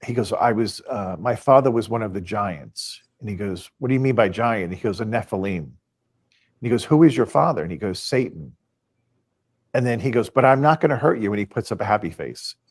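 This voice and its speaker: A man's voice: fairly low pitch, lively intonation, a little fast. A man on a podcast, casually retelling stories and acting out the quoted dialogue. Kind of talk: casual storytelling.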